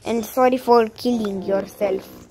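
A woman's voice: medium pitch, steady tone, measured pace, gravelly. A woman chatting playfully as she plays a game, talking to the characters and animals she meets. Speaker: gamer. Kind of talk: casual gameplay commentary. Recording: background noise.

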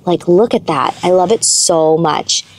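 Chatty excitable woman hosting an eating show. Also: on the low side, measured pace. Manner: chatty and excitable, rambling asides. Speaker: mukbang host. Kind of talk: casual eating-show chat.

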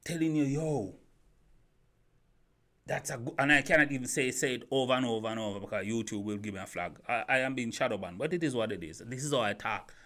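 A man holds forth to his camera in a running opinion monologue. He keeps asking rhetorical questions, circles back to the same points and trips over his own restarts, all at a mid pitch. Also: a little fast, sharp tone. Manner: rhetorical questions, repeats himself, stumbling restarts. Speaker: YouTube commentator.

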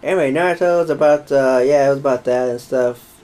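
A man's voice: medium pitch, brisk, darkish tone, clear, resonant tone, low-quality recording. A young man casually chatting over gameplay as a let's play host, rambling and joking with viewers. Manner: rambling, playful, addresses viewers as folks.

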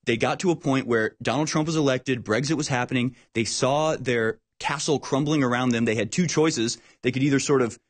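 A man hosting a talk show, speaking in an animated, emphatic way and repeating words when worked up. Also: medium pitch, a little fast, few pauses. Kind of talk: casual political talk.

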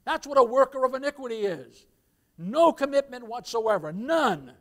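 A man preaching a sermon as pastor, with impassioned swells and quiet asides, quoting scripture in old-fashioned phrasing. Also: very high-pitched, sing-song, normal speed.

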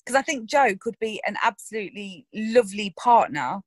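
A woman's voice: mid-range voice, expressive, normal speed, dry recording. Chatty woman, dry close sound. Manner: chatty and frank, laughs often. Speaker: actress interviewed about her roles. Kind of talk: casual interview chat.

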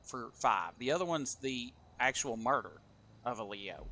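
A man's voice: mid-range voice, animated, normal speed, pushed and bright. A man playing a police officer in an online role-play game, folksy and drawling, talking to stream chat. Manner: folksy, drawling, mild exclamations.

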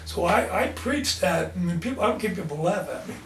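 Earnest preacher guy telling stories, highish voice, kinda far from the mic. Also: animated, quick pace, fairly bright tone, a little hiss or hum. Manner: earnest, fervent testimony. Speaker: lay preacher. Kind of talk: storytelling in an interview. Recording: echoey room, distant mic, faint ambience.

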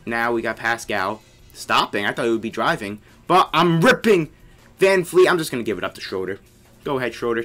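Excitable young man commentating a basketball game. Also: medium pitch. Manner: excitable, yelling on big plays, grumbling at teammates. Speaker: gamer commentating his own play. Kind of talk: casual gameplay commentary.

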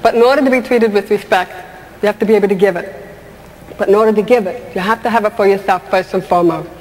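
A woman doing stand-up comedy, telling stories in a lively way and asking the audience questions. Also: mid-range voice, fast talker, long reverb tail. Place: stage before a live audience. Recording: live stage with audience laughter and noise.

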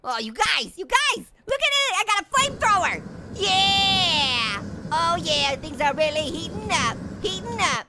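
Cartoon orange, male: very high, bouncy, giggly, pun-happy game commentator; noisy track. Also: big pitch swings, measured pace, full character voice. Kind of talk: gameplay commentary. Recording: noisy recording.

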